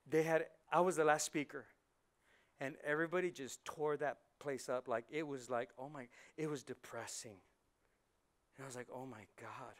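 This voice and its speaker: A man preaching a lively sermon in a church, dropping to near whispers and rising to excited shouts, often acting out quick voices. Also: mid-range voice. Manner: animated, swings from hushed to shouting, acts out voices. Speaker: pastor. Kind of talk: energetic sermon. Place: church hall.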